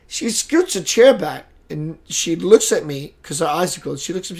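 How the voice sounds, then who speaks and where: Middle-aged male host, high voice, casual and animated, acts out the quotes and reads out viewer names. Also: normal speed. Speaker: spiritual talk show host. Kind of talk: casual live-stream monologue.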